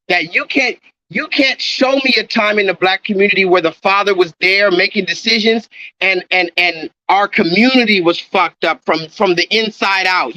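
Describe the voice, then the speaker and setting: Man, high bright voice, agitated live-stream rant, dry lo-fi phone sound. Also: no echo. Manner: agitated, repetitive ranting, swears often. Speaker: livestreamer. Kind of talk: ranting live stream monologue. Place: outdoors near a coffee shop. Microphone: phone held at arm's length.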